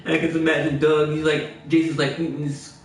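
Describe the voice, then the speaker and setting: A man's voice: fairly high pitch, flat delivery, quick pace. Rambling man in an echoey room. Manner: meandering storyteller who laughs a lot and restarts phrases. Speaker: game livestreamer. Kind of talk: rambling anecdotal chat. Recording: very echoey room, distant mic.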